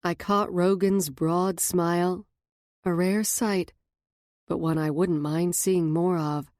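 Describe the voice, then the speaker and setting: A woman's voice: on the low side, fairly even intonation, slow pace, a little mellow, dry recording, studio quality. A woman narrating a first-person fantasy novel in a wry, observant manner. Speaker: audiobook narrator.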